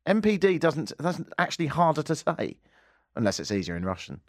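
A man's voice: a little high, very animated, a little fast, dry recording. A man with a Canadian accent hosting a talk radio show, mocking the news with dry humor. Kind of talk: sarcastic talk radio monologue. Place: radio studio.

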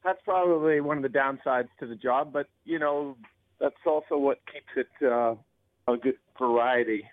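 Easygoing pilot on a phone line. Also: male voice, mid-range voice, moderate pace, no room sound. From North America. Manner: easygoing, laughs along, tries silly accents. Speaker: airline pilot guest. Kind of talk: casual radio chat by phone.

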